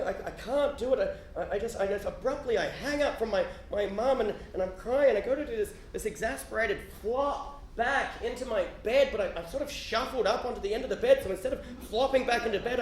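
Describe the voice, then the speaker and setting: An Australian man doing stand-up storytelling, stammering restarts and swinging from hushed to shouting. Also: sits high, fast, few pauses, reverberant. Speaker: storyteller comedian. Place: theatre stage with live audience.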